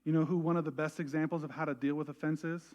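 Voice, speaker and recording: A man preaching a sermon as pastor, animated and acting out quoted voices to a congregation. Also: a little high, racing, lo-fi sound. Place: church service.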